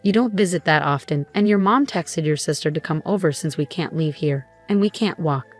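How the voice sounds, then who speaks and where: A demanding husband who blames and brushes off others, read by a woman in her usual voice. The tone is low for a woman and stays dismissive. Soft music plays faintly underneath. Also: a little fast. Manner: accusing, dismissive. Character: resentful demanding young-adult husband.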